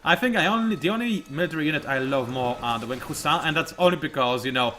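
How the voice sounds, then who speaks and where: Brief: male game commentator, lively and bright, sarcastic and rambling. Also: a little high, fast talker, slight background noise. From Poland. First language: Polish. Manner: rambling, wry and sarcastic, with frequent "whatever". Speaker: let's play commentator. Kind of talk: casual gameplay commentary.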